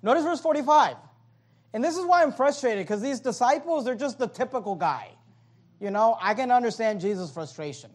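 A man with a high, bright speaking voice preaches a sermon. He is animated and joking, and breaks off into quick acted-out voices before returning to his numbered points. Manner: animated, joking asides, acts out voices of others. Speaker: pastor.

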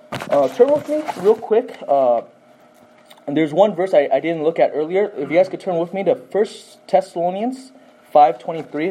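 A man's voice: fairly high pitch, warm tone, slight background noise, poor audio. A man teaching a Bible class, often quizzing listeners with questions and adding "okay?" to his points.

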